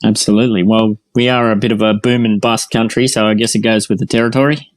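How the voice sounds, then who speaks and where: A man's voice: lowish voice, level tone, fast talker, no echo. An Australian man hosting a casual online voice-chat show, laid-back and chatty, calling people mate. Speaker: host.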